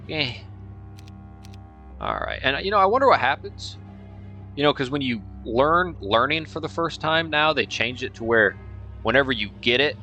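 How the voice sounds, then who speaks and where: A man's voice: mid-range voice, bright, forceful tone. A man thinking aloud in casual let's-play commentary, rambling and teasing his own units. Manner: rambling, thinking aloud, playful name-calling. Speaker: gameplay commentator.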